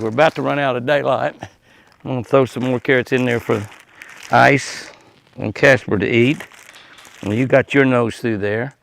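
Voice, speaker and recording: At dusk by an animal pen outdoors, an older man chats to the deer in a mid-range voice with vocal fry. This ranch vlogger narrates casually, folksy and chuckling as he goes.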